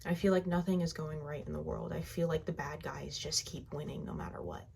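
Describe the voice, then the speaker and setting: A woman guiding a tapping session, speaking slow, heartfelt first-person affirmations that trail off softly at the ends of phrases. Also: deep voice, steady tone, creaky, a little hiss or hum. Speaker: EFT tapping guide.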